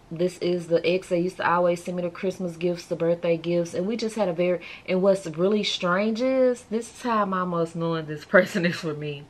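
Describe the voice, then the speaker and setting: A woman's voice: low voice, a little hiss or hum. Chatty woman vlogging to her viewers. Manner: chatty, talks straight to viewers; subdued and emotional. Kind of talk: casual vlog chat.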